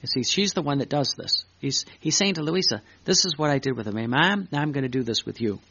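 A man's voice: mid-range voice, expressive, sharp tone, breathy edge. A man preaching, reading a devotional text aloud and breaking off for earnest asides to his listeners. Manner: pauses to add earnest asides between readings. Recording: dry, dull lo-fi recording.

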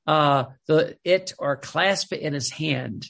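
A man preaching a sermon in an earnest, halting way, often repeating words as he searches for the next thought. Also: on the high side, vocal fry, fairly bright tone.

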